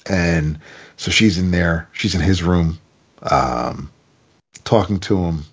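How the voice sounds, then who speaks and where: A man's voice: low-pitched, takes it slowly, breathy edge, dull audio. A man casually reviewing a comic, recapping the plot in a rambling way with stammered restarts.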